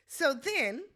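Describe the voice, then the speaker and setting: Female recap host, high and bright voice, animated, blunt, exclaiming. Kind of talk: casual recap commentary.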